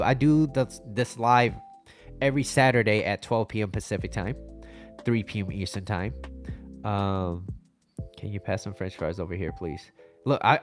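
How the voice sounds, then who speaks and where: A young man from the United States chatting casually on his livestream, rambling through stories and reading out viewer comments. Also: medium pitch. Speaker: livestream host.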